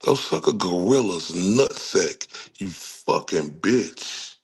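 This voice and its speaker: A man's voice: low voice, expressive, slow, gravelly, husky. A man with a Texan accent giving angry, profane true-crime commentary and talking straight to his viewers. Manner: angry, cursing, talks to viewers.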